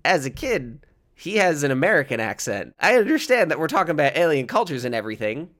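A man co-hosting a podcast, talking in an animated way and laughing often in casual chat. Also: a little high, quick pace.

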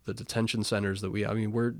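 A man's voice: lowish voice, level tone, quick pace, darkish tone, dry recording, clean studio sound. A man co-hosting a casual film podcast, opinionated, often restarting his sentences. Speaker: podcast co-host.

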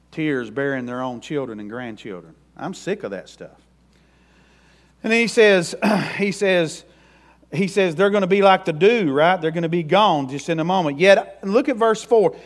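A man's voice: high voice, fairly bright tone. A middle-aged man preaching a sermon in a folksy, emphatic way as pastor.

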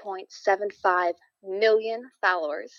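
A woman's voice: mid-range voice, steady tone, measured pace, a bit bright, dry recording. Upbeat woman guest, dull-toned audio. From upstate New York. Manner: upbeat, enthusiastic. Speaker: guest, singer and live streamer. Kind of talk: casual interview.

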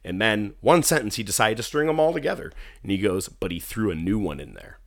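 A man telling a story in casual chat, animated and profane, acting out what people said. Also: fairly low pitch, fairly quick, creaky. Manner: animated, profane, acts out quotes. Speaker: guest musician telling a story.

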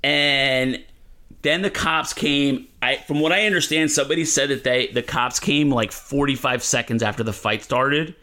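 A comedian guest on a podcast telling a story in an animated, profane way, full of fillers. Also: male voice, medium pitch, normal speed.

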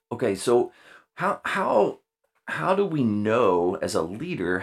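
Deep voiced middle-aged guy, earnest leadership talk, lots of ums and repeats. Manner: earnest, repeats key phrases, frequent fillers. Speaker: senior enlisted leader.

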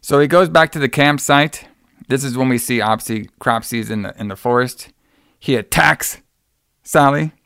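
A man's voice: medium pitch, moderate pace, creaky, smooth, no room sound, clean studio sound. A man casually recapping a horror movie for a podcast, acting out the characters' lines and laughing often. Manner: animated storyteller acting out quotes, laughing often. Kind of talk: casual chat.

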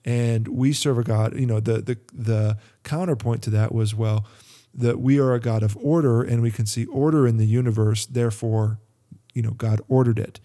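A man's voice: mid-range voice, fairly even intonation, normal speed, mellow. A man talking in a casual, rambling monologue, full of fillers and restarts, as a Christian podcaster.

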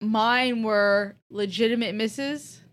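A woman's voice: a little high, slow pace, fairly bright tone. A woman co-hosting a podcast, trading teasing, blunt banter in casual chat. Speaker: podcast co-host.

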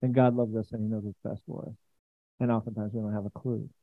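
A pastor delivers a chatty, enthusiastic sermon in a church, often turning aside to address the congregation. His voice is lowish and level in tone, and he speaks fast. The recording is dry and tinny, like a phone, with no room sound.

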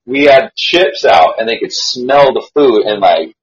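A man telling a story in a casual chat, slangy, animated and swearing freely. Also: mid-range voice, measured pace, lo-fi sound.

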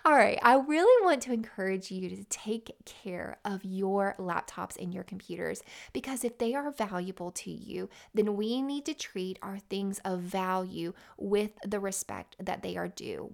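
Woman with vocal fry. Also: medium pitch. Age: late 30s. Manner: chatty and heartfelt, often restarting mid-sentence. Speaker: vlogger. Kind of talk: casual personal chat.

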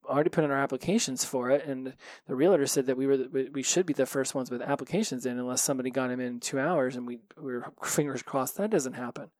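A man's voice: medium pitch, quick pace, hardly any pauses, a little mellow, no echo. Male podcast host, candid solo talk, cusses freely, mid-range voice, dry close sound. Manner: frank and reflective, swears freely.

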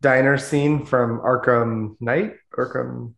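A man's voice: medium pitch, fairly even intonation, slow, vocal fry, a bit bright. Dry-quipping man in a roomy echo. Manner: short dry quips and interjections. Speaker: film review podcast co-host. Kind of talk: casual review chat.

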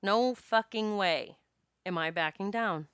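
A woman's voice: mid-range voice, slow, a bit bright, smooth, dry recording, studio quality. A woman telling a personal story in a candid, casual way, laughing often and swearing freely.

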